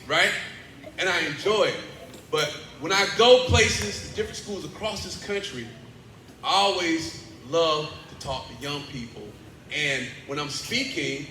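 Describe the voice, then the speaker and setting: High, bright-voiced man leading an echoey school assembly. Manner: playful, animated, coaxing children to answer back. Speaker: motivational speaker and teaching artist. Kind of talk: energetic school assembly talk with call-and-response. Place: large indoor school hall. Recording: echoey hall with faint background noise.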